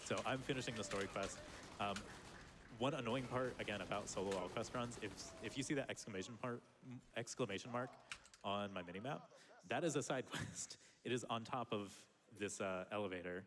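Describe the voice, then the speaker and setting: Low-voiced man explaining his speedrun. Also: brisk, crowd noise. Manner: casual, explains while playing, laughs often. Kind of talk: live speedrun commentary.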